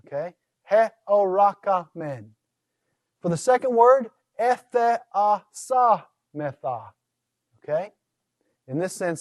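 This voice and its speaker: A man teaching Greek pronunciation in a recorded lecture, methodically laying out rules and slowly sounding words out syllable by syllable. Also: fairly high pitch, dry recording, studio quality. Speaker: Greek instructor.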